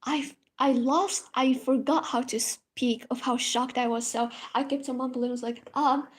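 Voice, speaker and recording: A woman's voice: high-pitched, fairly even intonation, normal speed. A young woman, a university student, telling a dramatic storytime vlog and swearing casually. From Morocco. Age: young adult.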